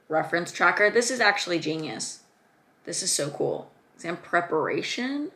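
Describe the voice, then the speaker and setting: A young woman, a student vlogger, chatting casually and excitedly, gasping and gushing as she talks. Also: lowish voice, normal speed. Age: young adult. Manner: excited, gushing, lots of gasps and fillers. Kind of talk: casual chat.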